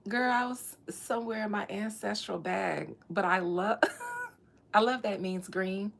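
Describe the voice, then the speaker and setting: Woman, playful spiritual reader, slangy casual chat, slow unhurried pace, husky voice. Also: mid-range voice, fairly even intonation, fairly bright tone. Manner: playful, laughing asides, slangy. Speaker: spiritual reader talking to viewers.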